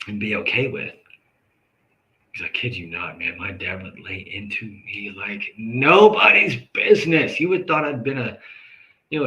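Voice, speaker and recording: Host, male, bright ringing low-ish voice, candid heartfelt talk with sudden loud bursts. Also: low-quality recording. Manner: earnest, conversational, with sudden loud outbursts and quick asides. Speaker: live show host. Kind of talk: candid talk to camera about grief and forgiveness.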